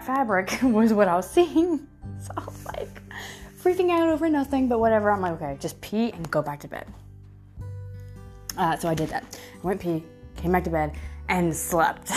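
A woman in her thirties telling a story to her viewers in a chatty, animated way, full of fillers and swearing. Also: mid-range voice. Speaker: vlogger. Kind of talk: casual storytelling to camera.

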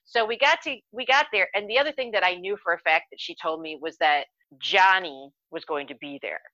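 A woman co-hosting a podcast, telling a story in a casual, excitable, animated way and swearing freely. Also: fairly low pitch, fairly quick, no room sound. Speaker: podcast co-host. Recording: dry, dull lo-fi recording.

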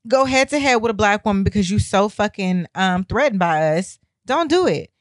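A woman's voice: medium pitch, expressive, normal speed, few pauses, no echo. Blunt, profane woman ranting, dry sound. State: exasperated. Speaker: vlogger. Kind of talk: heated opinion rant to camera.

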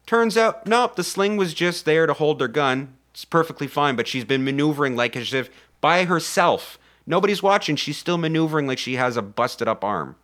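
A man's voice: a little high, moderate pace, few pauses. A man co-hosting a podcast, casually and profanely recapping a film and acting out characters as he goes. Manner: animated, profane, acts out characters. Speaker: podcast co-host. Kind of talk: casual comedic movie recap.

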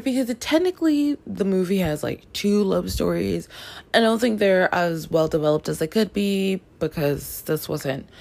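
Low, gravelly-voiced chatty woman. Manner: chatty and rambling, full of fillers and asides; animated, playful enthusiasm. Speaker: book vlogger. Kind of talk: casual chat.

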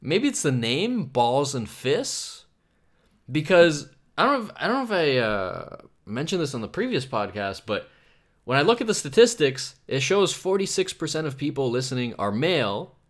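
Man, solo podcast host, rambling monologue, self-mocking, swears freely, swooping expressive voice. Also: medium pitch, normal speed.

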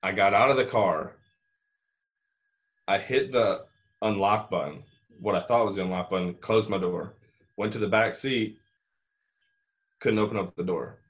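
Young male storyteller, lowish voice, rambling casual delivery. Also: a little slow, pauses often. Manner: rambling, frequent "like" and "you know", swearing. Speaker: hunter telling a story.

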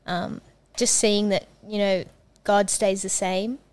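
A woman's voice: medium pitch, steady tone, slow, darkish tone, clean tone. Earnest woman youth leader. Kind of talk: casual chat.

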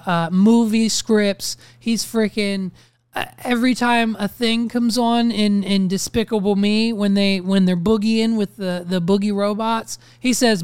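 A young man rants his way through a casual podcast monologue, swearing freely as he talks. His voice comes through smooth and resonant, recorded close and dry with no room sound. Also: high-pitched, no echo. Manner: ranting, profane, animated storytelling. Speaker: podcast host.

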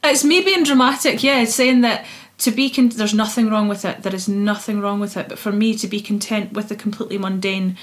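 A woman's voice: medium pitch, a little fast, few pauses. Chatty Scottish woman. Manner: chatty, expressive, laughs easily. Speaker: singer-songwriter guest. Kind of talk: casual interview chat.

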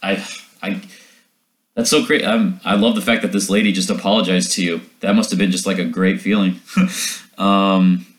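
A man's voice: sits low, little pitch movement, moderate pace. A man hosting a podcast interview, laughing along and giving short, encouraging replies. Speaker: podcast host.

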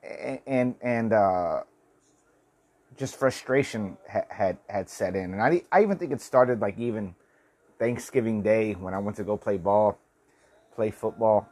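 A man's voice: fairly low pitch, measured pace, darkish tone. A man in his forties telling a story in a casual vlog, rambling and swearing with many restarts. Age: 40s. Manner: rambling, profane, lots of restarts. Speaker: vlogger.

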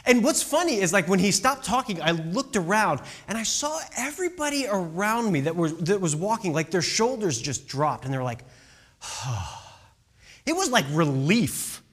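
A high-voiced man tells a story in a loose, conversational way. His pitch swings widely as he acts out what people said. He keeps checking in with quick asides. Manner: chatty, animated, fillers and "right?" asides. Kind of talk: casual storytelling talk.

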